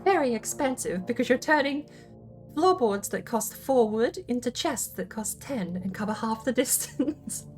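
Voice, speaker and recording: Woman streamer, casual chat, talks through her ideas out loud; voice sits a bit high, soft music in the background. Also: expressive, moderate pace. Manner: thinks aloud, explaining game build ideas. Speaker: streamer host.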